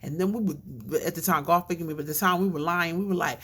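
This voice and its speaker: A woman's voice: on the low side, expressive, a little fast, vocal fry, few pauses, a bit bright, husky. A woman vlogger telling a casual story with lots of fillers and asides, her speech a bit mushy from a chain in her mouth.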